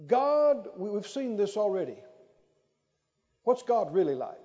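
A man's voice: high-pitched, very animated, warm tone. A male pastor preaching a sermon, stretching out key phrases and leading the congregation in repeating lines back. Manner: emphatic, drawn-out phrases with call-and-response. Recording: dull, lo-fi sound with long hall reverb.

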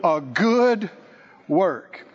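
A pastor preaches a call-and-response sermon in a church sanctuary, his high-sitting voice very animated, stretching out words and emphatically repeating key phrases for the congregation. The recording is dull and lo-fi, with a long hall reverb.

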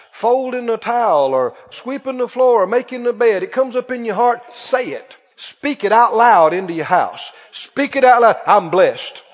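Pastor, high-pitched, emphatic call-and-response preaching; muffled sound, long reverb. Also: male voice. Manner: emphatic, repetitive preaching, calls for audience response. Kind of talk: sermon. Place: church hall. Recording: muffled, reverberant church recording.

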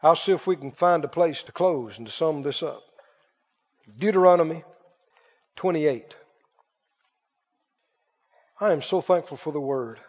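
A man preaching a sermon as pastor, emphatic and repetitive, swinging between loud bursts and quiet asides. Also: fairly high pitch, unhurried, long pauses. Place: church sanctuary. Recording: muffled church recording with long reverb.

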